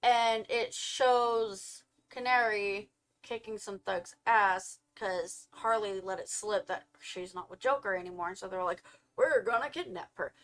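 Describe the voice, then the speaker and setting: A young woman in a casual couple's film review, rattling through the plot with lively energy. She jumps into quick voices for each character as she goes, laughing and backtracking when she gets names wrong. Her pitch sits mid-range but swings around as she tells it. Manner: animated storytelling, acting out characters in quick quotes.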